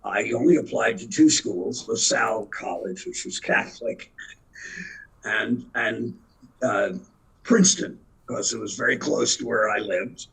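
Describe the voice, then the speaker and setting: A man's voice: lowish voice, measured pace, gravelly, fairly bright tone, husky, poor audio. A man in his seventies, an actor telling rambling, self-deprecating anecdotes in an interview. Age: 70s. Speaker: actor and guest. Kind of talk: storytelling interview.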